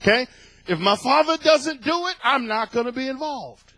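Preaching a sermon, a middle-aged man with a strikingly high voice grows more fervent, repeating phrases and breaking into shouts. His intonation is lively and his pace moderate, and the low-quality recording sounds close and dry with no room around it.

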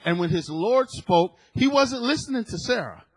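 A man's voice: very high-pitched, lively intonation, normal speed, a little mellow, husky, dry recording, low-quality recording. A male pastor preaching a sermon emphatically, often chuckling and putting questions to the congregation.

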